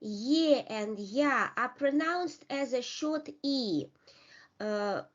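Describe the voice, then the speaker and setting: A woman language teacher giving a lesson. She explains haltingly with many fillers and carefully repeats example words for practice. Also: on the high side. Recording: dull lo-fi recording.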